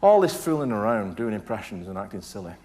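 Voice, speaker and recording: Brief: Northern English stand-up man, animated sing-song delivery, noisy live-stage recording. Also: on the low side, quick pace. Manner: chatty, self-mocking, jumps into voices. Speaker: stand-up comedian. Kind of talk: stand-up comedy. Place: live stage before an audience.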